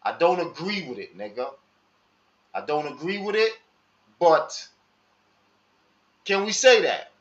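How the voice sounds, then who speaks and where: A man with a slightly high voice speaks in an unhurried, drawn-out way, full of street slang. He talks straight to his viewers and keeps asking them for their advice. The sound is muffled and lo-fi, and it rings in an echoey room. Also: big pitch swings. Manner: slow, street slang, asks the audience for advice. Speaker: live stream host. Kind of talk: casual monologue to live chat.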